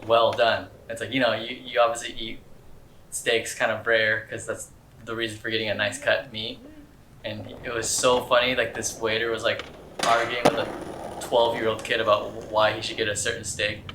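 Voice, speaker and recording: A man's voice: on the low side, flat delivery, normal speed, roomy sound, noisy background. A young man answering fan questions in a casual, rambling chat, full of slang and fillers. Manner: laid-back, rambling, slangy with lots of "dude" and "like".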